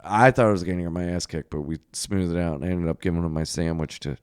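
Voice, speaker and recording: A comedian guest telling stories on a podcast in casual chat, jumping into high voices when he quotes people. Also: quick pace, clear, resonant tone, no echo, clean studio sound. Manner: animated storyteller who acts out quotes in shrill voices.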